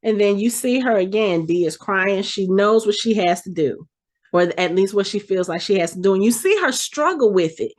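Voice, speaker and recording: A woman's voice: medium pitch, animated, normal speed. A woman hosting a podcast, animatedly retelling a TV episode and acting out the characters' lines. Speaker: podcast host. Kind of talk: casual episode recap.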